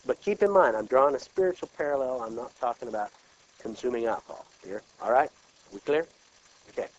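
A man's voice: medium pitch, a little fast, lo-fi sound. A man from Kansas preaching a sermon, often checking in with his listeners through rhetorical questions. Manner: animated, peppered with rhetorical check-ins.

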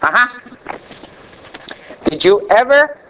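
Male pastor, sermon delivery, unhurried and dramatic, falling phrase endings, faint noise behind. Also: big pitch swings, bright, forceful tone, poor audio. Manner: slow, dramatic preaching, drops low at the ends of phrases.

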